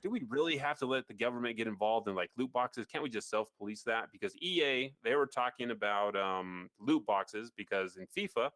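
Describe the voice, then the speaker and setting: A man co-hosting a casual gaming podcast, animated and sarcastic, rambling with restarts. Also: medium pitch, a little fast, few pauses, no echo. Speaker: podcast co-host. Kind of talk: casual chat.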